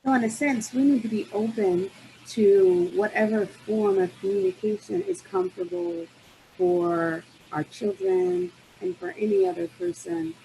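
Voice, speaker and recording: A woman hosting and moderating a web-series talk, walking through slides at a steady pace. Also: mid-range voice, measured pace, vocal fry, a little hiss or hum, rough recording. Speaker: host and moderator.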